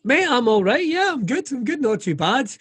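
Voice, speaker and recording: A man's voice: very high voice, sing-song, normal speed, a bit bright, slightly rough, no room sound. A Scottish man, a comedian and radio presenter, talking candidly and jokily in a casual interview, swearing freely.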